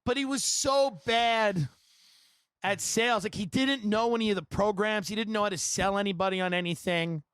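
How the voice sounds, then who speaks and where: Man, comic storyteller, bright high voice, dry close mic, rambling and laughing. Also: smooth, no room sound. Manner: rapid, rambling anecdotes with laughter and impressions. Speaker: podcast host. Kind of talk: comedic storytelling.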